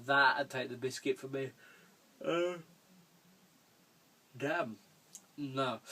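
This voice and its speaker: In a room at home, a young vlogger with a medium-pitched, slightly bright voice answers viewer questions in a casual Q&A video. He rambles, chuckles a lot, and swears casually.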